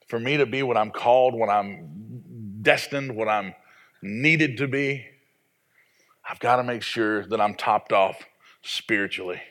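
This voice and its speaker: A man's voice: on the low side, unhurried, fairly bright tone. A man in his forties from the American South, a pastor preaching a sermon in a folksy, self-deprecating storytelling way. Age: 40s.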